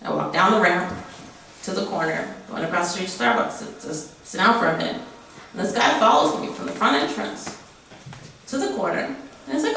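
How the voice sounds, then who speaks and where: A young woman performing spoken word and stories at an open mic, candid and blunt, laughing often and acting out sharp back-and-forth dialogue. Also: medium pitch, sing-song, fairly quick, vocal fry, slight background noise. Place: venue room at an open mic. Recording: very echoey room, mic at a distance.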